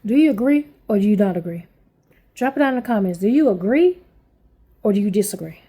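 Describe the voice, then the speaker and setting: A woman's voice: medium pitch, expressive, fairly quick, warm tone, breathy edge. A woman in her forties venting angrily to camera as a parent, blunt, swearing heavily and repeating herself. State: angry. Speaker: parent vlogger.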